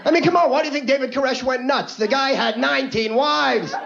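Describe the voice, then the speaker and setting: A man's voice: very high-pitched, creaky, heavy background noise. A man doing a brash, ranting stand-up comedy set on stage before a live audience. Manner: brash, rapid-fire, ranting. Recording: lo-fi TV broadcast with audience.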